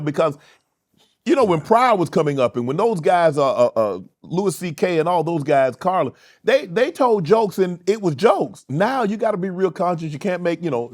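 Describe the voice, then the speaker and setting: A man's voice: a little high, darkish tone. A man hosting an interview, asking probing questions with frequent restarts. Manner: probing, stumbles on restarts, short backchannels. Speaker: host.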